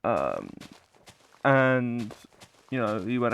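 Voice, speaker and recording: A man's voice: mid-range voice, takes it slowly. A man casually retelling a myth, rambling with many fillers and casual swearing. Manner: rambling, filler-heavy, loose paraphrase. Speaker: storyteller.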